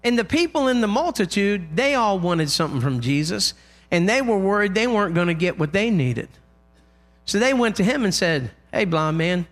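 A man preaching a sermon in a church, impassioned, loudly crying out the lines he quotes. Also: sits high.

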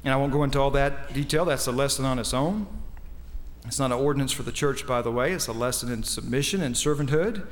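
A man preaching a sermon as pastor, reading scripture quietly and then building to emphatic, rising climaxes. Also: mid-range voice, fast, a little hiss or hum. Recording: long reverb of a large hall.

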